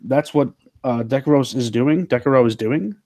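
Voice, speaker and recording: Excited guy player tripping over his words, dry close mic. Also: mid-range voice, moderate pace, no room sound. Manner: eager, stammering, repeats words. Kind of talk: casual tabletop role-play.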